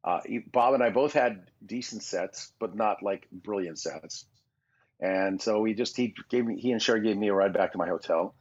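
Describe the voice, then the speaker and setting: A man in his sixties from Canada talks in a very low, husky voice as a podcast guest. He rambles through self-deprecating anecdotes with plenty of restarts. The recording is dull and lo-fi. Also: moderate pace. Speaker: guest voice actor. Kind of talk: casual podcast interview.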